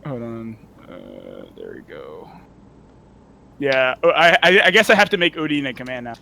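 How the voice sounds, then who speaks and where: A man's voice: mid-range voice, sing-song, moderate pace, gravelly, pushed and bright, a little hiss or hum. A man co-casting a card game tournament stream, joking with his co-hosts, laughing often and tacking "man" onto his lines. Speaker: stream co-caster. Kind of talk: casual esports stream banter.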